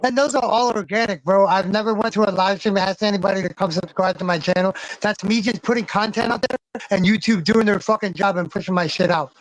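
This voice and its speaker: A man's voice: high voice, fast, slight background noise, rough recording. A man hosting a live stream, chatting and cursing at a football game he plays. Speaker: streamer host. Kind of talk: casual stream chat while gaming.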